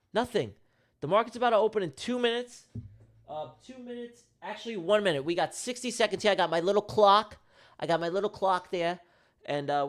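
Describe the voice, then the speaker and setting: A man streaming his live day trading, talking casually and emphatically to his chat with slangy, repetitive banter and jokes. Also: sits high. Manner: slangy, emphatic, repeats himself; jokey banter with viewers.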